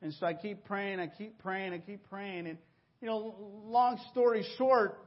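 A man from Mexico giving a personal testimony to his congregation, telling his story with animated exclamations and acted-out voices. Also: high voice, measured pace, lo-fi sound. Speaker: church member giving a testimony.

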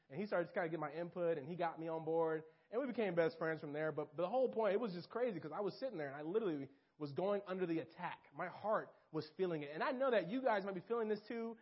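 A young man giving a casual storytelling sermon to a church group, animated and full of fillers. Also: high-pitched, fast, few pauses, slightly rough. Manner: animated and casual, lots of fillers and acted-out quotes. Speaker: campus minister speaking to a church group. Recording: dull lo-fi recording.

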